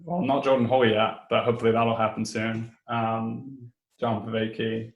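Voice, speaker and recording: A man hosting a podcast, introducing his guest calmly with many ums and soft hedging phrases. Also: medium pitch, unhurried, highs cut off. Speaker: podcast host. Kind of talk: casual interview. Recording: echoey room.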